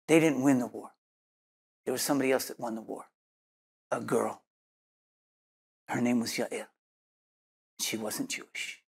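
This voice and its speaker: A man teaching as a Messianic Jewish preacher, delivering an earnest sermon and closing in prayer, often repeating words as he finds his thought. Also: a little high. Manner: earnest, repeats words while searching for them.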